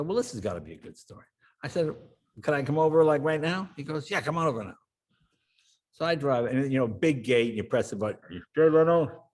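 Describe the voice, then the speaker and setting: An older man, a guest in an interview, telling anecdotes and acting out the voices of the people in them. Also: medium pitch. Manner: animated anecdote teller, acts out quoted voices. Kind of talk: storytelling interview.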